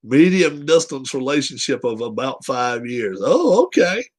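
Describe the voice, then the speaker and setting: A man's voice: mid-range voice, very animated, measured pace. A man hosting a casual live chat show, reading viewer comments aloud and teasing them with frequent laughs.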